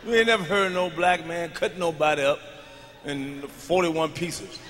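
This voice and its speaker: A man doing a live stand-up routine on a large stage into a handheld mic, brash and profane, dropping to mutters and rising to shouted punchlines. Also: a little high, fairly even intonation, measured pace, in a large hall, a crowd in the background. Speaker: stand-up comedian.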